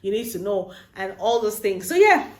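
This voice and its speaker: Animated woman, casual advice vlog, middle pitch, roomy echo. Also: normal speed. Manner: animated storyteller, mixes in pidgin phrases. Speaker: Christian relationship vlogger.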